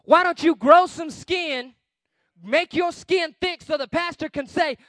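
High-voiced, bright, emphatic male preacher. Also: expressive, a little slow, no room sound. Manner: emphatic, swings between shouting and quiet asides. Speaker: guest preacher. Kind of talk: sermon.

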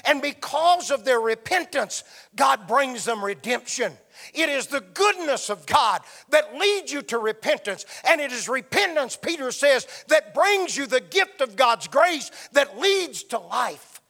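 A man's voice: very high voice, sing-song, a little slow, creaky, bright, forceful tone. A man preaching a sermon with emphatic delivery that swells and drops. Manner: emphatic, rising and falling delivery.

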